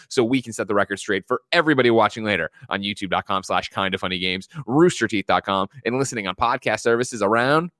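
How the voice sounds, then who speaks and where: A man's voice: fairly low pitch, a bit bright, no echo, studio quality. A man hosting a casual show, brash and profane, rattling through the show intro with big energy. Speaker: co-host.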